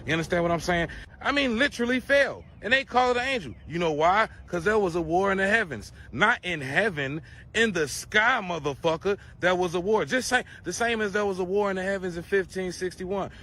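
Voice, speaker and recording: Dude ranting and cussing, preachy, keeps asking are you dumb, kinda high sharp voice. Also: male voice, animated, brisk. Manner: preachy, crude, fires off rhetorical questions. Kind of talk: profane conspiracy rant.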